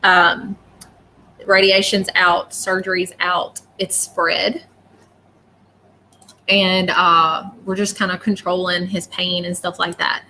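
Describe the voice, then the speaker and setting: Emotional, bright-voiced woman live-streaming. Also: lowish voice, flat delivery, slow pace, long pauses, a little hiss or hum. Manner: emotional, apologetic, rambling. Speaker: psychic reader on a live stream. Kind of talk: casual live-stream talk.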